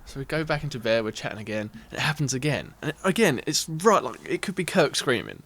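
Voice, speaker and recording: A man telling a festival story on a podcast, animated and laughing, acting out what people said. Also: mid-range voice, quick pace. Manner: animated, laughing retelling with acted-out quotes. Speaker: podcast guest. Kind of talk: casual storytelling.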